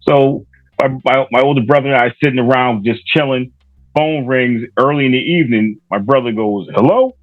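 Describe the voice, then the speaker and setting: A man's voice: mid-range voice, moderate pace, no room sound, narrow, tinny audio. A middle-aged man from Rhode Island, a podcaster guest telling stories casually and loosely, with many fillers and restarts. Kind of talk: casual interview storytelling.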